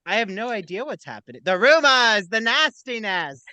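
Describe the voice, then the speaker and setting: A man's voice: sits high, sing-song, bright, forceful tone, clear, resonant tone, no echo. A man hosting a casual podcast, chatting about reality TV with a playful, mocking humor. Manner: playful, mocking, quick to joke. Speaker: podcast host. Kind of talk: casual gossip chat.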